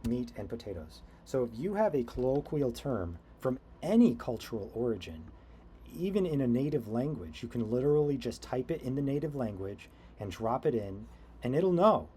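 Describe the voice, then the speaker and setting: A man's voice: medium pitch, big pitch swings, moderate pace, warm tone, slight background noise. An American man teaching a training seminar, talking in a loose, digressive way with many fillers and restarts. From United States. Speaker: instructor.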